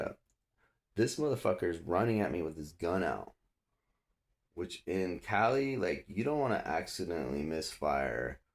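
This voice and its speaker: A man with a low, gravelly voice tells a story in a casual, profane way. His pitch swings widely as he gets animated and acts out what others said. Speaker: guest telling a story.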